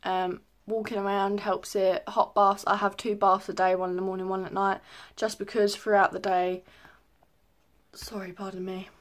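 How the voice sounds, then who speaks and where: A young woman talks casually to camera. She rambles and fills gaps with ums. Her pitch sits in an ordinary middle range. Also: monotone, normal speed, hardly any pauses. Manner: chatty, lots of ums, rambling. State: a little out of breath. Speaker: vlogger. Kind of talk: casual pregnancy update.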